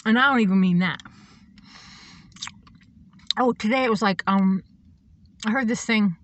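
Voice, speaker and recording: A woman with a bright, forceful voice pitched a little high, ranting bluntly and swearing freely. She rambles through a self-recorded monologue as a self-described psychic, pressing each point with emphatic repetition. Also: unhurried, pauses often, a little hiss or hum.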